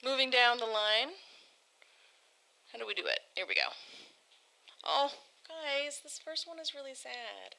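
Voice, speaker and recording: Bubbly, lively woman streamer. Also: high voice, unhurried, gravelly, pauses often, poor audio. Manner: bubbly, giggly, self-deprecating. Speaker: livestream host. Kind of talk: casual livestream chat reading viewer write-ins. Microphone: desk microphone.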